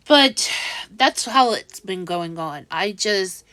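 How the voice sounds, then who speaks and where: A woman's voice: medium pitch, expressive, slow pace, sharp tone, no room sound. A woman vlogger in a casual monologue, venting in an upset, rambling way with many restarts and self-corrections.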